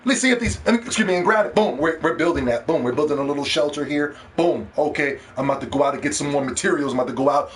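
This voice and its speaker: A man hosts a casual gaming podcast with an animated, profane rant. His voice sits a little high for a man, and he mocks other people in put-on voices. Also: quick pace, few pauses. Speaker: podcast host.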